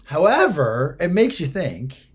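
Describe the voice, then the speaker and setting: A man's voice: a little high, huge pitch swings, slow, breathy edge. A man co-hosting a podcast, telling a travel story in casual chat and checking often that his co-host agrees. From United States.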